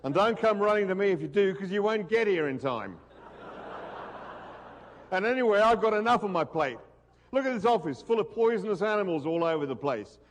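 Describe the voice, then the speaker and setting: A man's voice: high voice, animated, fairly quick, pitched above the performer's own voice. A man putting on an Australian accent to voice a grumpy, fussy middle-aged male snake venom expert who rants irritably. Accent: Australian, put on.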